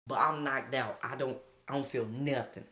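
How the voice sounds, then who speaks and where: A young man streaming live from his phone, telling a crude, excitable story and acting out what others said. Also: mid-range voice, normal speed, crowd noise. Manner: crude, excitable, acts out quotes.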